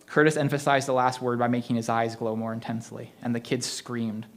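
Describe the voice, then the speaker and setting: A man reads his own spooky tale aloud at an open mic, into a stage mic. His pitch sits in the middle for a man, and he tells the story in a steady, measured way.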